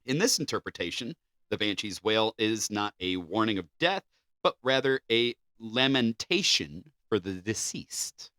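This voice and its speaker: A man's voice: fairly low pitch, animated, unhurried, sharp tone, no room sound. A man co-hosting a podcast, reading facts from notes and then joking around casually. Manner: joking, loose, swears casually. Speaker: podcast co-host.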